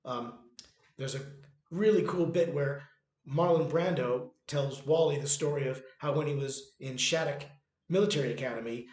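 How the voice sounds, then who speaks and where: A man talking about his own stage play in a casual, rambling way, restarting sentences often. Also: medium pitch. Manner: rambling, many restarts and fillers. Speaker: playwright and author presenting his own work. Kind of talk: casual spoken commentary. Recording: echoey room.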